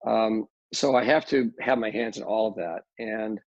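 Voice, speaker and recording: A man's voice: on the low side, moderate pace, no room sound. A middle-aged man, a real estate developer, talking casually in an interview with many restarts and fillers. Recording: dull lo-fi dry audio.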